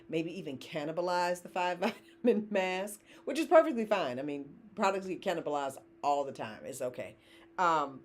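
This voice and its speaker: Middle-aged woman, founder hosting a live sale, very expressive, chatty and laughing. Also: on the low side. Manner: chatty, laughs often, reads viewer comments aloud. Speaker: company founder hosting live shopping stream. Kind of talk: casual live-stream chat.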